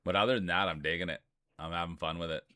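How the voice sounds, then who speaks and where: A man's voice: low-pitched, steady tone, fast talker, bright, forceful tone, clear, resonant tone, dry recording, clean studio sound. A man streaming live, chatting casually and rambling while greeting viewers by name.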